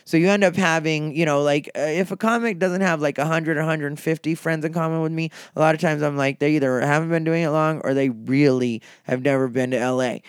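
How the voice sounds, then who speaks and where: A middle-aged stand-up comedian talking in a casual, profane and combative monologue. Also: male voice, fairly high pitch, fairly even intonation, fairly quick, hardly any pauses, clean tone, dry recording, clean studio sound.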